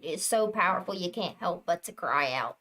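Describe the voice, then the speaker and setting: A young woman chatting casually with her viewers on a tarot reading livestream, telling stories in an animated way. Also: on the low side, moderate pace. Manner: chatty, animated storytelling, talks to chat. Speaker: tarot reader livestream host.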